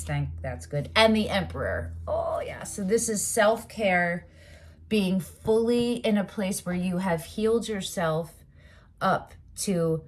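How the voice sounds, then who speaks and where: A woman giving a casual tarot reading, talking emphatically and animatedly, with swearing and loud outbursts. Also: fairly low pitch. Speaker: tarot reader.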